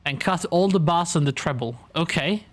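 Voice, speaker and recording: A man's voice: a little high, moderate pace, fairly bright tone. A young man streaming a game live, chatting casually, thinking aloud, trailing off and chuckling often.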